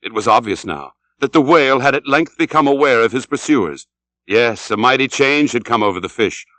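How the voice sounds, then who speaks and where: Lively dramatic male audiobook narrator. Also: medium pitch, normal speed, dry recording. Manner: dramatic, shouts out the sailors' cries. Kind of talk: scripted narration.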